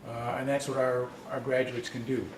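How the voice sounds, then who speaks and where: This language instructor keeps a level tone and moderate pace, his voice sitting in the middle range, with crowd noise around him. He's presenting a workshop in a conference session room, explaining conversationally through stories and often restarting. The mic is distant, the room echoes, and faint noise lingers.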